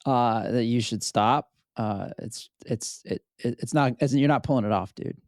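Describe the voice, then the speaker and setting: An American man, a pastor, talking in a hesitant, deadpan way with many restarts. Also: mid-range voice, moderate pace, no echo, studio quality. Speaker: pastor, co-host. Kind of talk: casual chat.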